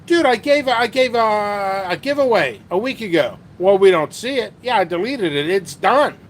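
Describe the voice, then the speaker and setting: A man's voice: high-pitched, lively intonation, moderate pace, far from the mic, slight background noise. A man hosting a casual live stream about peppers and hot sauce, rambling and joking at his own expense. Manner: rambling, joking, self-mocking.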